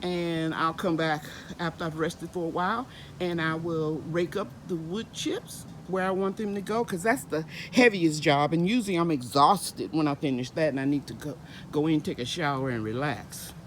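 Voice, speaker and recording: A woman's voice: low-pitched, moderate pace, a little hiss or hum, poor audio. A woman hosting a gardening vlog outdoors in her home garden, chatting and explaining each step as she works. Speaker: gardening channel host. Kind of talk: casual vlog narration.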